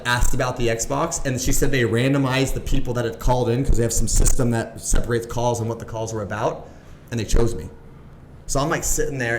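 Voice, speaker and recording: A man in his thirties telling a story on a podcast as a guest, animated and full of "like", acting out the voices of people he quotes. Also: medium pitch, echoey room, slight background noise. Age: 30s. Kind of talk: casual storytelling chat.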